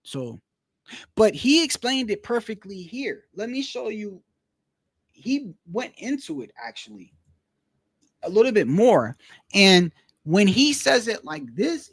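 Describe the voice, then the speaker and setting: Casual profane male streamer, high voice, dry sound. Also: dry recording. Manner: profane, heated, repeats himself. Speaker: boxing commentary streamer. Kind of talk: casual ranting commentary.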